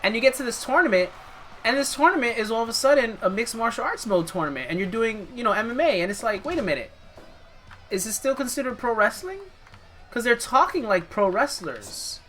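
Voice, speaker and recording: A woman's voice: on the high side, very animated, fairly quick, fairly bright tone, soft background music. A woman streaming a wrestling video game, chatting casually and with amusement as she thinks aloud. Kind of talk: casual gameplay commentary.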